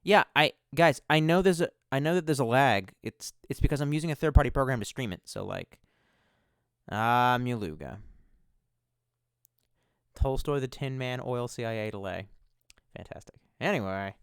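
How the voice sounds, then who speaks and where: A man's voice: medium pitch, expressive, moderate pace, long pauses, fairly bright tone, smooth, no echo, clean studio sound. Rambling, profane male streamer. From United States. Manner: rambling, profane, self-mocking. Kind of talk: casual livestream chat.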